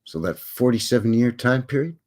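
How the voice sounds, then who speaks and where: A man's voice: mid-range voice, lively intonation, brisk. Man, live stream host; casual, rambling, wry and skeptical, reads aloud between asides. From Canada. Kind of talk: live stream commentary, reading articles aloud.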